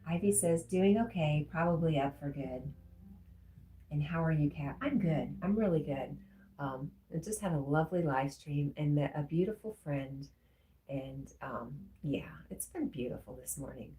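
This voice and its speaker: A woman's voice: sits low, lively intonation, normal speed, a little hiss or hum. A woman hosting a casual livestream, reading viewers' comments aloud and answering them. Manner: warm, reads chat comments aloud, gets emotional. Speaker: livestream host reading chat.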